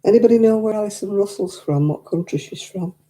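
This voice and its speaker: Mellow-voiced woman chatting. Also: mid-range voice, fast talker. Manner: chatty and rambling, laughs often. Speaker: craft live-stream host. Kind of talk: casual chat while knitting, reading viewer comments. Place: living room at home. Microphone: desk microphone.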